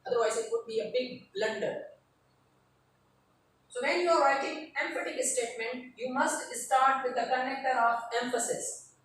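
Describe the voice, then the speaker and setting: Woman writing teacher, high voice, lecture delivery, step-by-step and repetitive, echoey far-off room recording. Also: steady tone, normal speed, fairly bright tone, slight background noise. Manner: explains step by step, repeating key terms. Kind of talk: classroom lecture.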